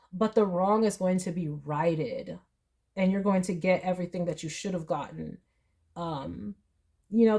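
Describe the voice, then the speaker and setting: A woman giving a tarot reading to her viewers, talking emphatically and emotionally, acting out quoted voices. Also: fairly low pitch. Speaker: tarot reader.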